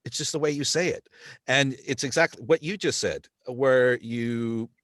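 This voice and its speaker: A man's voice: mid-range voice, normal speed, a bit bright, dry recording, clean studio sound. A man hosting a podcast, talking in a rambling way with many restarts. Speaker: podcast host. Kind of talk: casual podcast chat.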